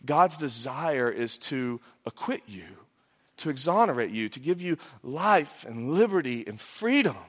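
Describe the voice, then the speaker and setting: A man preaching a sermon as pastor. He swings between loud emphatic peaks and soft, hushed drops. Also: medium pitch, animated, unhurried, big-room sound.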